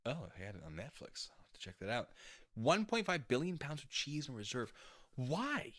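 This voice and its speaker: A man's voice: medium pitch, very animated, moderate pace, a bit bright. A man hosting a live stream, chatting casually and reading his chat aloud, rambling and breaking into giggles. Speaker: livestream host.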